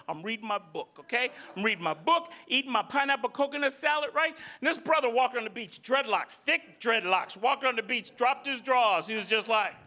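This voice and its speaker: A man doing loud, profane stand-up comedy on a club stage and teasing the audience. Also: very high voice. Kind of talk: live stand-up comedy with crowd work.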